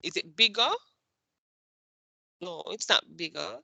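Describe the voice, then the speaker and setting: A woman teaches a computer class in a bright, forceful voice, recorded close and dry. She questions her students patiently and repeats each point until it lands. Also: lowish voice, slow pace, creaky, no echo.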